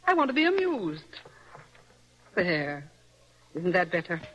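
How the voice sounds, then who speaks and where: A composed, motherly young wife in a radio stage play. Her voice is bright and lively, with a wide pitch range. She speaks in a teasing, gently commanding way. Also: takes it slowly, heavily acted, low-quality recording. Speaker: clergyman's wife.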